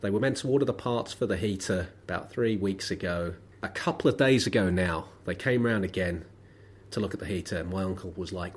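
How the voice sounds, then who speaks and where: A man's voice: deep voice, a little fast, slight background noise. A man hosting a solo podcast, who is under the weather, telling rambling, wry anecdotes with many ums and uhs. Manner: rambling, wry everyday anecdotes with frequent fillers. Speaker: podcast host.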